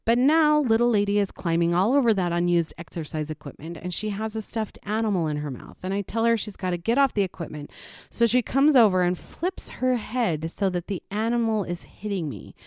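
Exasperated mom telling a story. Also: female voice, mid-range voice, animated, normal speed, a little mellow, clear, resonant tone, dry recording, studio quality. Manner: wry, exasperated retelling. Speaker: mother of four. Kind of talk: personal storytelling narration.

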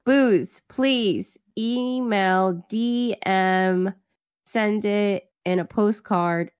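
A woman's voice: mid-range voice, very slow, clear, resonant tone, dry recording, studio quality. A woman co-hosting a podcast in casual chat, swearing freely, laughing and acting out other people's words. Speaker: podcast co-host.

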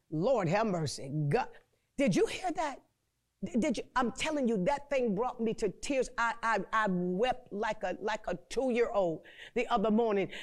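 A woman preacher delivering a fervent sermon, stretching out key words, repeating herself with stammered restarts and breaking into prayerful exclamations. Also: fairly high pitch. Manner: fervent, repetitive, stammering restarts, call-and-response; slow drawn-out emphasis and prayerful exclamations.

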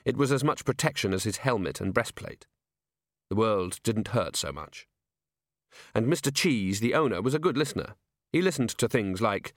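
Lively, wry male audiobook narrator. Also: fairly low pitch, moderate pace, dry recording, studio quality. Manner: wry, expressive storytelling.

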